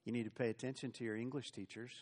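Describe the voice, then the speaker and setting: A man's voice: medium pitch, little pitch movement, very fast, a little mellow. A male pastor preaching an earnest sermon, stumbling over repeated restarts and adding wry asides. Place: church.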